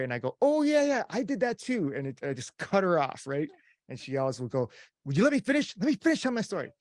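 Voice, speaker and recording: A man's voice: medium pitch, dry recording. Chatty man teaching interview tips, dry sound. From Hawaii. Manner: chatty, animated, acts out quoted voices, frequent fillers. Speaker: video production instructor. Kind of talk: casual instructional talk.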